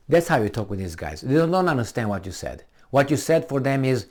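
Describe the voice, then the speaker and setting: A man's voice: mid-range voice, very animated, normal speed. Heated, profane man ranting. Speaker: commentator. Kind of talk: opinion rant.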